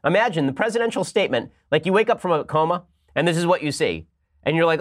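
A man hosting a political podcast, reading an ad and giving sarcastic, animated commentary. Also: on the high side, fast. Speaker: podcast host. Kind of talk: fast political commentary with ad read.

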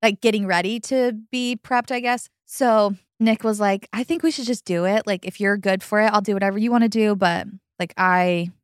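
A woman's voice: medium pitch, fairly even intonation, moderate pace, hardly any pauses, clean tone, no room sound, clean studio sound. A young adult woman hosting a podcast, telling a personal story in casual chat, chatty and full of fillers, laughing often.

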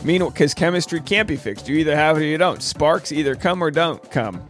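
A man's voice: a little high, fairly quick, fairly bright tone, soft background music. A man hosting a podcast, recapping a reality show in a casual, joking way, with playful asides and mock voices. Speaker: podcast host.

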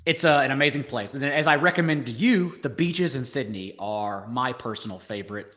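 A young man hosting a sports podcast, chatting casually and upbeat, sometimes rushing through lines. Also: mid-range voice, lively intonation, a bit bright. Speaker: podcast host.

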